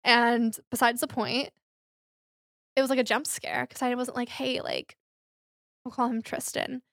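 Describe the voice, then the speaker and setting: A woman's voice: fairly high pitch, level tone, unhurried, fairly bright tone, no echo, clean studio sound. A young woman telling candid stories in a casual chat. She fills her talk with fillers and acts out what others said. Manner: candid storytelling, acts out quoted voices, many fillers. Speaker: podcast co-host.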